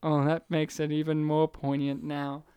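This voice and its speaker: A young man co-hosting a casual movie commentary chat, joking and teasing in quick riffs. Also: a little high, monotone, dark tone, clean tone. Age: young adult. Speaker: podcast co-host.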